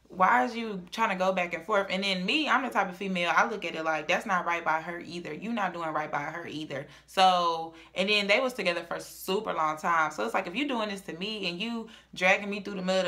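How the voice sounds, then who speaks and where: A woman's voice: fairly low pitch, fairly quick, hardly any pauses. A young woman, telling a personal story in a casual, dramatic vlog. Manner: chatty, dramatic, swings from loud to murmured.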